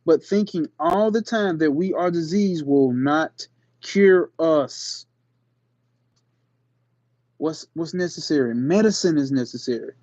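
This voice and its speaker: A man hosting his channel, reading a spiritual text aloud slowly and emphatically and breaking off into slangy, casual asides. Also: fairly high pitch, a little mellow, no echo, muffled recording. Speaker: channel host.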